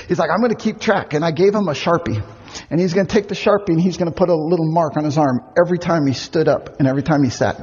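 A middle-aged man giving a youth camp sermon, telling stories with animated kid voices. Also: on the high side, husky. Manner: animated storytelling, acts out kids' voices. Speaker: camp speaker. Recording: muffled sound with long hall reverb.

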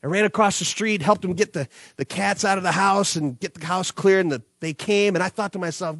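A man's voice: sits high, fairly quick, hardly any pauses, husky, no room sound, clean studio sound. A man preaching a sermon to young people, telling a personal story with acted-out dialogue and closing in prayer. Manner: storytelling, animated, acts out dialogue. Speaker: pastor.

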